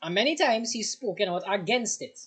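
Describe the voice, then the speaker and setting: A man's voice: high-pitched, animated, moderate pace, a bit bright, slightly rough. A tired young man hosting a reaction video, rambling in casual commentary after too much coffee. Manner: rambling, restarts often, over-caffeinated. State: tired, short on rest.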